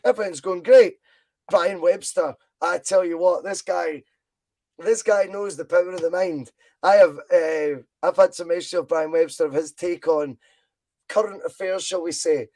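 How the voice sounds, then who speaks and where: A man hosting a casual fan podcast, loud and animated as he reads out viewer comments. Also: on the high side, moderate pace, low-quality recording. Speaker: podcast host.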